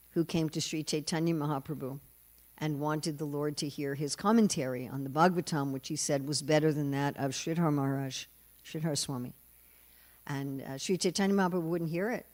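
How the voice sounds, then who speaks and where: A woman's voice: deep voice, steady tone, moderate pace, a little mellow. An older woman gives a scripture class in a temple hall. She tells stories with humor and briefly acts out the voices of the people in them as she preaches. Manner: storytelling, acting out quoted voices with humor. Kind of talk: sermon.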